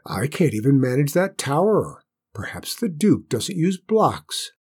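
A man with a husky voice voicing an absent-minded, excitable inventor king in a read-aloud fairy tale. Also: fairly high pitch, measured pace, heavily acted. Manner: distracted, abrupt, excitable.

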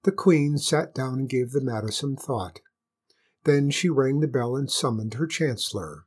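A storyteller reading a fairy tale aloud in an expressive, lilting way. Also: medium pitch, a little slow, breathy edge. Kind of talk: storybook narration.

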